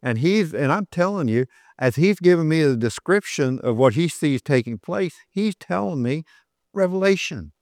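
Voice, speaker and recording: An older man preaching a sermon, telling a story and rising to emphatic points, then slowing down to read scripture. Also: on the high side, expressive, dry recording, studio quality.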